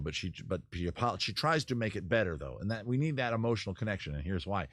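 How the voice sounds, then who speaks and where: A man hosting a casual livestream, talking in a rambling, self-interrupting way, swearing and acting out scenes in quick put-on voices. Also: fairly low pitch, lively intonation, fairly bright tone, no echo, studio quality. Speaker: livestream host. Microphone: camera mic.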